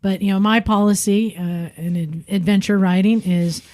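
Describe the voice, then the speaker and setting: Podcast co-host, woman, lively casual storyteller. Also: medium pitch, normal speed. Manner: animated storyteller, acts out quoted voices.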